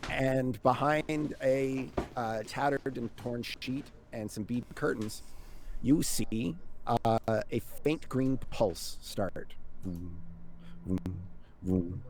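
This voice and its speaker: A man narrating a tabletop game as game master in a relaxed, casual, rambling way. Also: mid-range voice, takes it slowly.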